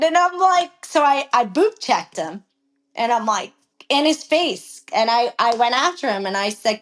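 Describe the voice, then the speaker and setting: A professional jockey appearing as a podcast guest tells a lively story in a casual interview. She has a high voice and a moderate pace, and she's animated and profane, acting out quotes in a raised voice.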